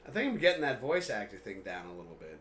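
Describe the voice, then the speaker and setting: A man co-hosting a live sports stream in casual chat, excitable, with loud outbursts, reading viewer messages aloud. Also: fairly low pitch, quick pace, a little hiss or hum.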